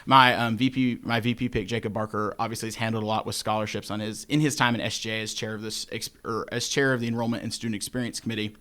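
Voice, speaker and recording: A man's voice: fairly low pitch, level tone, fast talker, few pauses, bright, forceful tone. A young man running for student government, giving a fluent debate answer with filler words. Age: young adult.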